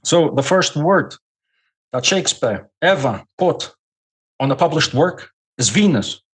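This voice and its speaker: Speaking slowly in a husky, slightly high, animated voice, a Portuguese man talks in accented, non-native English. As a podcast guest he explains at length, often repeating words while he thinks.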